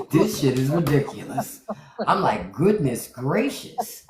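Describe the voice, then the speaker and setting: A woman's voice: deep voice, slow pace, reverberant. Blunt, profane woman hosting a live stream. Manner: blunt, profane and joking, with animated quoted asides. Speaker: podcast host on a live stream. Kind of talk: casual live-stream chat.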